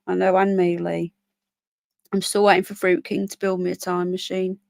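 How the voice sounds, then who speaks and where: Her voice sits on the low side, gravelly and darkish, with a flat delivery at normal speed and no room sound. Hosting a casual live stream, she's tired and yawning as she reads comments and chats with viewers, breaking off between points to talk to her pets.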